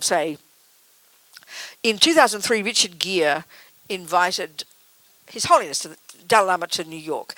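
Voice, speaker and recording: A woman's voice: medium pitch, a bit bright, no room sound, low-quality recording. A woman Buddhist teacher giving a public talk before a live audience, blunt and emphatic with teasing asides.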